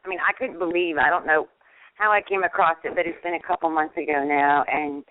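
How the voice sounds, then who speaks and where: A woman's voice: sits low, steady tone, fairly quick. A woman calling in to a talk show, speaking in a heartfelt way and repeating words for emphasis. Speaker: caller. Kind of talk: casual call-in chat. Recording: dry phone line.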